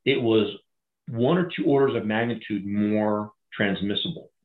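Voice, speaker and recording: A middle-aged man retelling a crisis story in an interview, animated and acting out the voices of others. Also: lowish voice, moderate pace. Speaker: guest, former bank crisis manager. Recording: echoey, phone-like audio.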